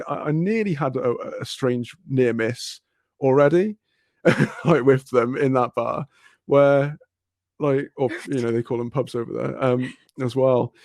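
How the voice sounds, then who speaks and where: A man's voice: medium pitch, darkish tone, no room sound, clean studio sound. A man telling a long casual story on a podcast, rambling, swearing and laughing often. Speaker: podcast host.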